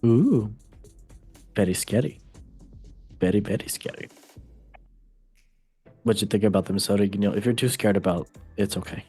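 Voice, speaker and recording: A man's voice: fairly low pitch, normal speed, long pauses, darkish tone, husky, faint music behind. A man hosting a casual football podcast, playful and goofy, joking at his own expense. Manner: goofy, playful, self-mocking. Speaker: host.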